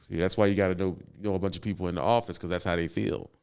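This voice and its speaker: A man's voice: low voice, fairly even intonation, very fast, creaky, darkish tone, clean tone. A man, a truck driver, rants casually on his own channel, emphatic and repeating himself for effect. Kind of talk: casual vlog rant.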